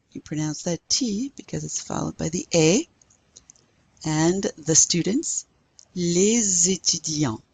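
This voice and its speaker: A woman's voice: deep voice, slightly rough. A woman teaching a recorded language lesson, carefully modeling pronunciation for learners to repeat. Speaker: French teacher.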